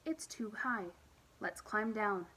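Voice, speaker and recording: A woman's voice: medium pitch, takes it slowly, pushed and bright, slightly rough, full character voice. A woman voicing an upset young child who names their feelings, with slightly raised, childlike emphasis.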